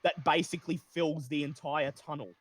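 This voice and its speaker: A man narrating as game master of a tabletop game over voice chat, lively and descriptive. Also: a little high, normal speed, soft background music.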